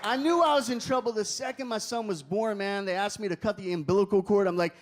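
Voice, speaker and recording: A young man doing a stand-up comedy routine on a club stage, animated and shouting his punchlines. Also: high voice, fast, a faint crowd. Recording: live club audience and room noise faintly behind.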